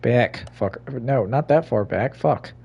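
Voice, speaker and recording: A man giving casual, swear-filled commentary while he plays a game, talking to himself, laughing and breaking into sudden loud outbursts. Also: medium pitch, takes it slowly, vocal fry, highs cut off, slight background noise. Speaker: gaming streamer.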